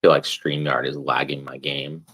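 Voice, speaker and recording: A man streaming live rambles in a loose, profane rant, leaning on "like" between every thought. His voice sits low and sounds husky and breathy. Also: little pitch movement, moderate pace, a bit bright, low-quality recording. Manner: rambling, swears constantly, fills with "like". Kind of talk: casual profane rant while gaming.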